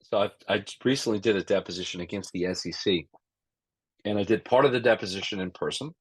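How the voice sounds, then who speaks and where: A man's voice: lowish voice, fast, husky, dry recording. A middle-aged man answering interview questions as an expert witness, emphatic and prone to repeating words as he starts sentences. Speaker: expert witness and law professor.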